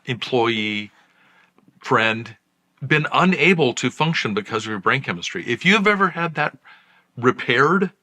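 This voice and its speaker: A middle-aged psychiatrist and channel host talking straight to the camera, conversational and emphatic, full of rhetorical questions. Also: male voice, mid-range voice, expressive, unhurried, sharp tone. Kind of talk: direct-to-camera commentary.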